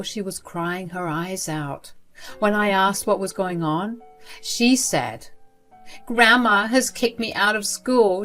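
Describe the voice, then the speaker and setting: A woman narrating a first-person family story in an even, steady scripted reading. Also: lowish voice. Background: soft background music.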